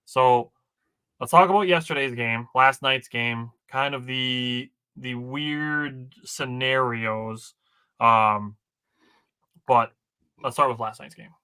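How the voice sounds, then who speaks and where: Guy from wisconsin on a sports podcast, bright forceful voice, reads stats off his notes. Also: medium pitch, steady tone, slow pace, smooth. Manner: talks through stats from his notes, dry asides. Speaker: podcast co-host. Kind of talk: casual sports chat.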